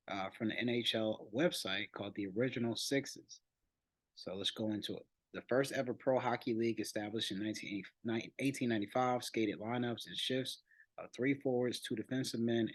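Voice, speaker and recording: A man hosting a channel, reading an online article aloud and adding his own comments, unhurried, with frequent restarts and fillers. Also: mid-range voice, dry recording, poor audio. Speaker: channel host.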